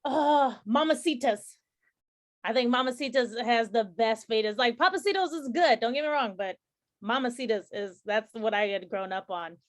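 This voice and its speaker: A young woman chats casually as a podcast guest, her voice sitting fairly high. She tells anecdotes with energy and slips into the voices of the people she quotes. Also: normal speed. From San Antonio, Texas. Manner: animated storyteller, acts out quoted dialogue. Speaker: guest chef. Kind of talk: casual interview chat.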